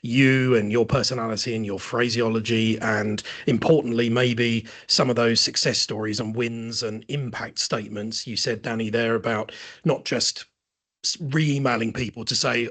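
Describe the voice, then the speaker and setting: A man's voice: mid-range voice, steady tone, normal speed, fairly bright tone. A man hosting a marketing webinar, talking thoughtfully and hedging his points with "maybe" and "sort of". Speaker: marketing host. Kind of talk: webinar conversation.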